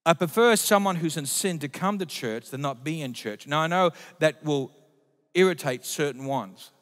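A man preaching a sermon as pastor, emphatic, swinging between loud declarations and quiet asides. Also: on the high side, normal speed. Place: church. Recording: long reverb of a church hall.

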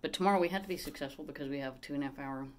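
A woman at home vlogging about her parrot, switching between plain talk to the camera and high, sing-song baby talk to the bird. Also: very fast. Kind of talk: casual vlog talking to camera and her pet.

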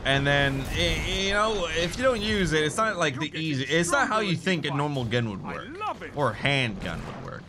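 A young man giving jokey, excitable commentary while playing a shooter game, breaking into sudden shouts. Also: a little high, moderate pace, a crowd in the background. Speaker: gaming YouTuber. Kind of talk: live gameplay commentary. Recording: gunfire noise behind voice. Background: game gunfire.

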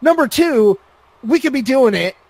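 Young male co-host, high voice, rambling anecdote full of fillers. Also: lively intonation, moderate pace, a little mellow. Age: young adult. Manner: rambling storytelling with many fillers. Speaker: podcast co-host. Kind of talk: casual chat.

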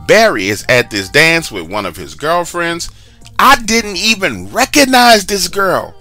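Animated man telling a true story. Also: on the high side. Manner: animated, chatty, slangy asides to the listener. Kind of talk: casual personal storytelling.

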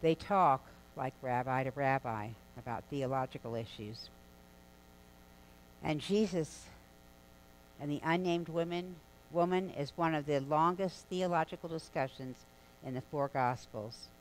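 Preacher, sermon, conversational storytelling, casual asides, mid-pitched voice, faint hum. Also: measured pace, poor audio. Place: church sanctuary.

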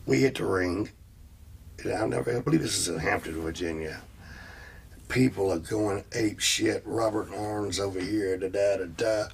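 A man's voice: on the low side, normal speed, vocal fry, a little hiss or hum. A man telling rambling, profane stories as a guest in an interview. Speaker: interview guest, former tag team wrestler. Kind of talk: casual storytelling interview.

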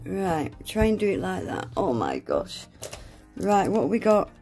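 Slow-talking woman gasping over gifts. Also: fairly low pitch, wildly swooping pitch, darkish tone, faint music behind. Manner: gasping, exclaiming, swears casually. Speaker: nail art vlogger. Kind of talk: casual unboxing vlog.

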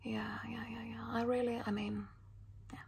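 A man's voice: very high-pitched, little pitch movement, moderate pace, slight background noise. A man voicing a rich, fussy Australian mother in a whispered role-play, doing someone's lashes with frank backhanded compliments. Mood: doting. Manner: breathy whisper, calls everyone darling, frank backhanded compliments. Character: rich doting Australian mum, blunt and fussy. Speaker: lash artist character.

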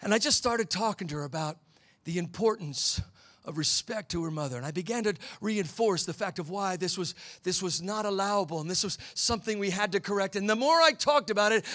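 A middle-aged man preaching a sermon in a church, telling a family story and building to shouts at the high points. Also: a little fast. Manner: storytelling, swells to shouting at climaxes. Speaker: pastor.

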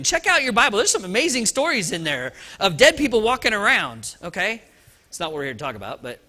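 Male pastor preaching at a church service, high and bright, loose, chatty delivery full of restarts. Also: moderate pace. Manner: lively and conversational, with frequent restarts and asides. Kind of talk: Easter sermon.

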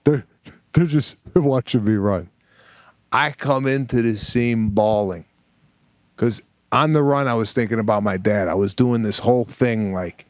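A man on a podcast, spinning a lively, dramatic story and acting out each line he quotes. His voice sits at an ordinary pitch and sounds dry and close to the mic. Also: normal speed, no room sound. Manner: animated, dramatic retelling with acted-out quotes. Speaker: podcast co-host. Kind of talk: casual storytelling chat.

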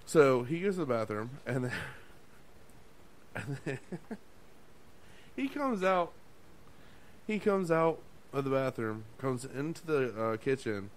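A podcast co-host tells a restaurant story in casual chat, his medium-pitched voice very animated yet slow, with frequent pauses. He swears often, laughs, and acts out what people said.

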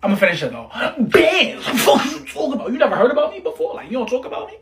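A man's voice: very high voice, very animated, rapid-fire, fairly bright tone. A man doing brash, swaggering comedy sketches in slangy talk, laughing often. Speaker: comedy creator.

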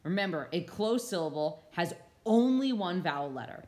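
A woman with a notably low voice walks through a phonics lesson over slides. She explains each point patiently and sounds words out slowly for young listeners. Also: expressive, dark tone. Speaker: reading teacher.

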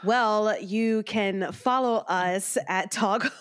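A woman's voice: medium pitch, extremely slow, smooth. A woman co-hosting a horror podcast in casual chat, speaking chattily and upbeat with a sick voice. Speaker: podcast co-host.

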